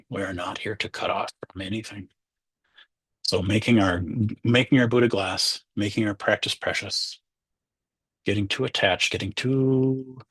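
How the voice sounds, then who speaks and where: A man's voice: fairly low pitch, fairly bright tone, husky, dry recording. A man, a Zen teacher, giving a conversational dharma talk and acting out inner voices.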